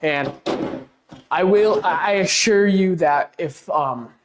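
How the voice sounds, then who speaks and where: With a lowish voice and an unhurried pace, a woman streams herself painting a wall, and background noise can be heard. She chats casually with viewers, rambling and restarting often, quick to laugh at herself.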